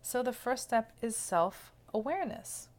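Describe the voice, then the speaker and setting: A woman speaking as a self-love coach, explaining in a gentle, casual teaching manner and often checking in with the listener. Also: fairly high pitch, animated, measured pace.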